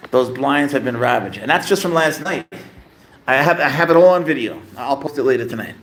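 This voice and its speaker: A man's voice: mid-range voice, animated, a little fast, a bit bright. A man hosting a casual livestream from his home, rambling with lots of fillers as he talks to his cat and his viewers. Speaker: livestream host, pet owner. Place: home room.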